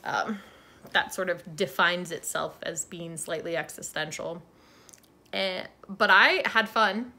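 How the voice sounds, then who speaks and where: A woman's voice: on the low side, slow pace, pushed and bright. A young woman chatting casually in a vlog at a friend's home, wry and self-deprecating, filming on a handheld phone. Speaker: vlogger. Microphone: handheld phone camera.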